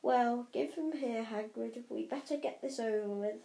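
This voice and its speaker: A woman voicing a huge, shaggy, soft-hearted half-giant man who stammers in a storybook reading. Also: a little high, normal speed, vocal fry. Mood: brisk. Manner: stammering, sobbing. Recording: roomy echo.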